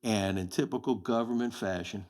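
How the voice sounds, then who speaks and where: A man's voice: lowish voice, normal speed, a little mellow. A man in his sixties, a podcast guest, telling blunt, plain-spoken stories from a long career in casual conversation. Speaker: podcast guest, sheriff candidate. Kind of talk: casual storytelling interview.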